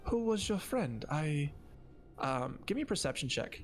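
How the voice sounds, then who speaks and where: A man running a tabletop game as game master, speaking haltingly with many fillers and restarts. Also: fairly high pitch, very animated, faint music behind.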